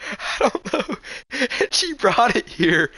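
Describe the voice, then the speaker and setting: A man's voice: sits high, breathy edge, no echo. A young man, casually telling hunting stories with frequent laughs and restarts. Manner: animated, laughs often, quick restarts. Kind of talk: casual storytelling.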